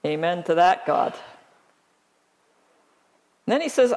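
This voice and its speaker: Sex: woman. Role: pastor. Style: slow, conversational sermon with scripture reading and rhetorical questions. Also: fairly low pitch, sing-song, darkish tone.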